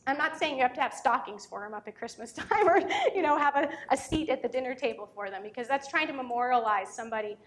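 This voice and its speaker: Woman, thirties, earnest, storytelling, talk to an audience, fairly high. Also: fast, hardly any pauses, a little hiss or hum. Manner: earnest, storytelling, turns emotional. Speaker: speaker on parenting.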